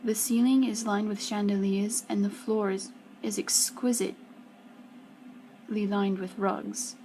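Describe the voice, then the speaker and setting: A woman's voice: mid-range voice, fairly even intonation, measured pace, warm tone, rough recording. A young woman reads her first-person story aloud in an ordinary middle voice. She sometimes drops into a whisper and trips over a word, with a faint hiss behind her. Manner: slips into whispers, small stumbles. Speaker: student reader.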